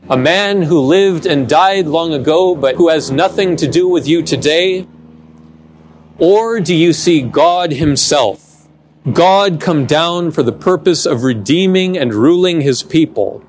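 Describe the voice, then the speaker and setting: A man preaching a sermon, slow and deliberate, with emphatic pauses on key words. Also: a little high, no room sound. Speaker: pastor.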